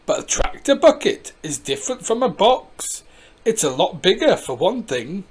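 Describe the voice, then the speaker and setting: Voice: medium pitch, big pitch swings, normal speed. A storybook reader voicing an eager, clumsy young farmer with a hearty manner.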